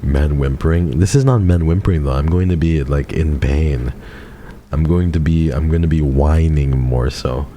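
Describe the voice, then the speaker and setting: Very deep-voiced young man, playful streamer. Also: normal speed, warm tone, a little hiss or hum. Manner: playful, teasing, dramatic. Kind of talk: casual live-stream chat with chat.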